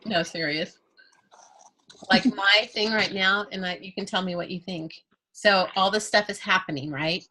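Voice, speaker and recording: A woman's voice: medium pitch, moderate pace, sharp tone, slight background noise. A woman teaching an art class in a casual, chatty way, candid and joking, with playful asides.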